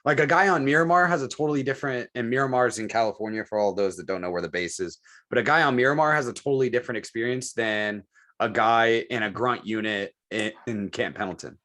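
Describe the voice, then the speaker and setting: A man's voice: medium pitch, fast talker. A man co-hosting a podcast, telling military stories in casual profane chat and mimicking the people he quotes. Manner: profane, animated storytelling with mimicked voices. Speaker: podcast co-host.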